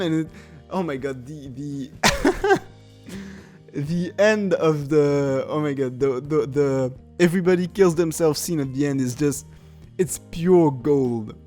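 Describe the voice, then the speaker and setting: A male podcast host with a slightly higher voice rambles through a comedic review of a bad film. He laughs often and leans on filler words. Faint music sits underneath. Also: expressive, a little slow, darkish tone.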